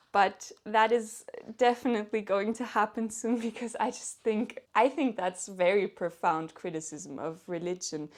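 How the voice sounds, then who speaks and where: A woman's voice: fairly high pitch, darkish tone. A woman talking casually about books she has read as a book vlogger. She is enthusiastic and chatty, often repeating and correcting herself as she talks. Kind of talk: casual book review chat.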